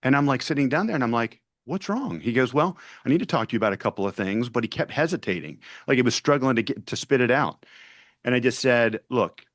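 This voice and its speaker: A man's voice: medium pitch, expressive, fast talker, dry recording, studio quality. A man in his forties, a podcast guest, earnestly telling a personal story and acting out the dialogue.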